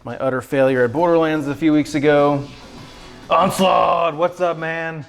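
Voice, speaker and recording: A man's voice: a little high, steady tone, moderate pace, vocal fry, soft background music, low-quality recording. A man hosting a cooking livestream from his home kitchen, chatting to viewers in an upbeat, slangy, self-deprecating way. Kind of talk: casual livestream chat while cooking.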